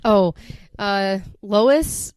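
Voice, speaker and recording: A woman's voice: medium pitch, extremely slow, darkish tone, clear, resonant tone, dry recording, studio quality. A woman co-hosting a podcast, chatting casually about reality TV gossip, laughing often and acting out quoted voices. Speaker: podcast co-host.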